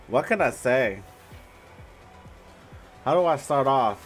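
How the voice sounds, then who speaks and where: A man giving a casual tarot reading on a livestream, blunt and profane, laughing often. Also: medium pitch. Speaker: tarot reader.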